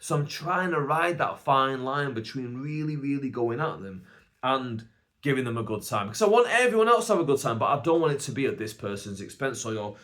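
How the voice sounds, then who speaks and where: Lively comedian telling stories. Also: male voice, mid-range voice, fairly quick. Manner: animated, acts out the people in his stories. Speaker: stand-up comedian, podcast host. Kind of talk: casual storytelling monologue.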